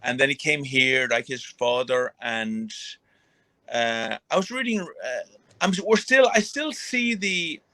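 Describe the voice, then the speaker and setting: An older man with an Irish accent talks at length in a relaxed interview. His voice is bright and forward, recorded dry and close. He rambles, repeats words and restarts his sentences. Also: mid-range voice, unhurried, no room sound. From born in England, raised in Ireland. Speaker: guest, retired boxer. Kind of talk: casual interview chat.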